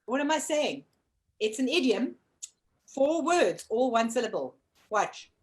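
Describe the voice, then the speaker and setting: A woman's voice: a little high, very animated, unhurried, low-quality recording. A woman co-hosting a casual online lip-reading game, coaxing viewers to guess over a video call. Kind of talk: casual live-stream game chat.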